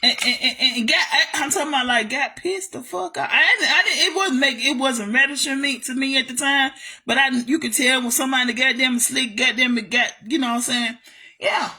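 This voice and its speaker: A woman rants to her audience about relatives who wronged her, cursing hard and hammering the same points again and again. Her voice sits high and has a husky, breathy grain. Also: fairly quick, sharp tone. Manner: profane, ranting, repeats herself, addresses viewers as y'all. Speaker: vlogger telling a family story. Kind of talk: angry storytime rant.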